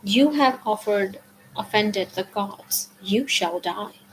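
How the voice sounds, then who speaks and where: A woman voicing a menacing female Fury from a storybook, a monstrous former teacher who speaks in slow, commanding threats. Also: medium pitch, a little hiss or hum, lightly acted, rough recording.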